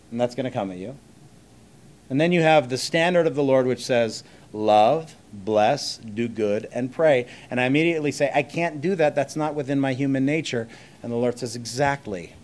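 Man, pastor, sermon, conversational, rhetorical questions, pauses between phrases. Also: medium pitch, darkish tone.

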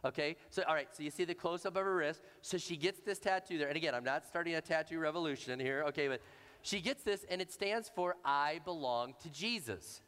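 A man preaching a sermon, telling a family story in an animated, repetitive way to a congregation in a large hall. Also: a little high, fast talker, smooth. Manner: animated, repetitive anecdotal delivery. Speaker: pastor. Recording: long reverb in a large hall.

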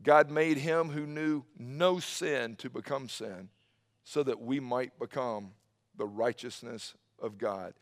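A man preaching an Easter sermon to a church, swinging between loud emphatic bursts and hushed low passages. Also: slow pace. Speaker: pastor. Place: church service streamed online.

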